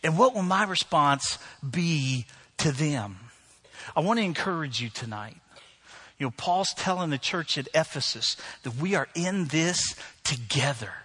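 A middle-aged pastor preaches with a bright, forceful voice pitched a little above most men's. He tells stories about himself with a self-deprecating streak and laughs often between lines. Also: lively intonation, measured pace, breathy edge. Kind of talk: sermon.

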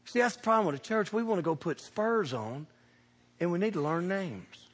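A man preaching a sermon, telling funny stories with animated shouts and laughter. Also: high voice, normal speed. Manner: animated, shouting bursts, laughing through punchlines. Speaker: pastor. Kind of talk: humorous storytelling sermon. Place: church sanctuary. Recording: reverberant church hall.

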